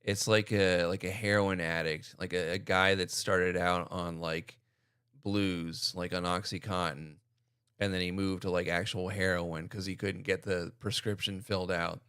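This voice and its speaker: Profane man in a dry, smooth commentary voice. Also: deep voice, flat delivery, unhurried, a bit bright, no echo. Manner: blunt, profane, riffing. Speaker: reaction video host. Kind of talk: crude reaction commentary.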